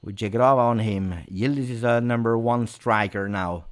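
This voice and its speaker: Excitable football reactor. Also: male voice, mid-range voice, moderate pace. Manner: animated, swings from muttering to shouting. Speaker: live match watch-along host. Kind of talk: live football reaction commentary.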